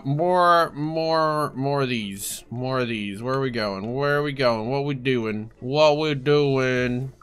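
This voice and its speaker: A young adult commenting live on gameplay, panicky and yelping, with quick repeated phrases. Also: medium pitch, pushed and bright. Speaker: gaming video creator. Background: game music.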